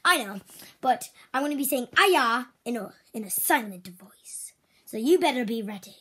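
A woman's voice: fairly high pitch, lively intonation, normal speed, husky. A woman playing a bossy toy karate teacher. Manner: bossy, shouts loud drill calls, then whispers. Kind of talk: make-believe play with stuffed toys.

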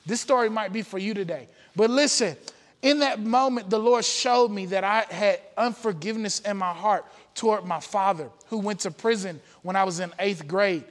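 A man's voice: high-pitched, normal speed, long reverb tail. A man preaching a testimony sermon, telling his story earnestly with frequent filler sounds. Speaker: pastor. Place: church sanctuary.

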